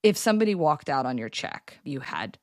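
Woman, lower voice, lively pitch, animated personal anecdote, restarts often. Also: no room sound, studio quality. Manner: animated, halting with restarts, acts out quotes. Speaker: storyteller guest.

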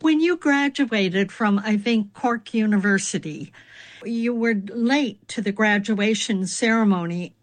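Lady interviewer, talks slow, nudges the guest along. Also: medium pitch. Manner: slow, prompting questions.

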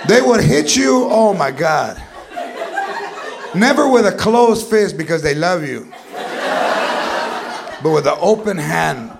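High gravelly comedian, cussing a lot, crowd roaring over a noisy live room. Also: male voice, animated, a little slow, pauses often. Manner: rowdy, cursing, switching into Spanish. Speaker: stand-up comedian. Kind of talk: stand-up set. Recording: live club with loud crowd noise. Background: crowd laughter.

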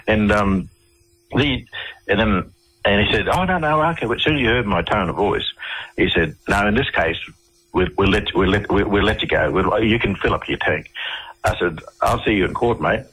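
Aussie guy on radio, real low voice, kinda husky, um-ing and restarting a lot. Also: fairly bright tone, poor audio. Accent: Australian. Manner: rambling, halting, many fillers and restarts. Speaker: interview guest. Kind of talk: casual radio interview storytelling.

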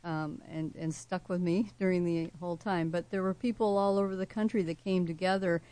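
A woman poet reading her own poem and then talking about it as an interview guest, soft-spoken with slow, measured emphasis. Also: fairly low pitch, fairly even intonation, no room sound. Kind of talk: poetry reading and interview answers.

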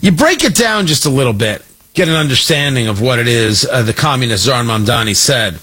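A man hosting a talk radio show, giving an emphatic, mocking political commentary monologue with drawn-out stresses. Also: mid-range voice, lively intonation, sharp tone, slightly rough.

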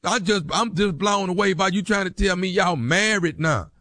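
A man doing a brash, slangy jailhouse caller who keeps pressing his point. The voice sits high and sharp-edged. It is recorded dry and close in a studio. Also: moderate pace, no room sound. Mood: insistent. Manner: insistent, threatening, slangy. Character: jailed man calling about his girl. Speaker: radio prank caller.

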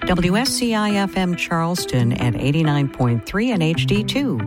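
An announcer reading station call letters and frequencies in an even listing cadence. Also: mid-range voice, normal speed, music in the background. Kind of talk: station identification.

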